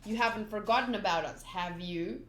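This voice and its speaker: A woman voicing gruff male pirate thugs who taunt in a low, threatening way, in a manga readthrough. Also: normal speed, slight background noise, lightly acted. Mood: menacing. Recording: roomy echo.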